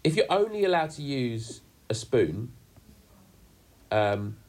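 A man's voice: medium pitch, big pitch swings, takes it slowly, darkish tone. A man leading a youth group chat on a video call, jokey and rambling with lots of fillers.

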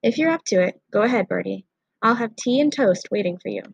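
Woman narrator as a gentle father, calm and reassuring, dry husky read. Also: a little high, fairly quick, dry recording, heavily acted, poor audio. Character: kind middle-aged father, a police officer. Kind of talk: audiobook character voice.

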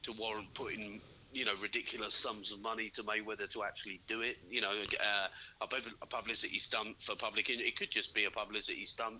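A man's voice: lowish voice, flat delivery, fast, bright, forceful tone, a little hiss or hum, rough recording. A man, co-hosting a casual sports podcast, talking hesitantly with many fillers and restarts. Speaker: podcast co-host. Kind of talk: casual chat.

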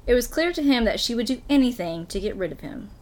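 A woman's voice: a little high, big pitch swings, fast talker, darkish tone. A woman hosting a podcast, telling a true story in casual chat and laughing often. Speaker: podcast host reading a story.

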